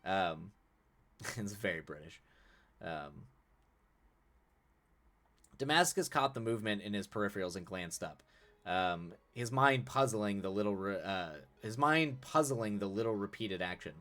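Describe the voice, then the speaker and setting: A man's voice: on the low side, animated, unhurried, long pauses, fairly bright tone. A man streaming live, reading a story aloud with casual asides, laughing and correcting his own slips. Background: faint music.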